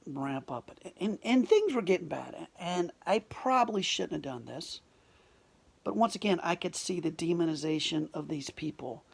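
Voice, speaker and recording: Very gravelly husky man telling a story. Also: fairly high pitch. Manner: earnest, often dropping to a whisper; restarts and repeated words. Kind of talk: personal storytelling monologue.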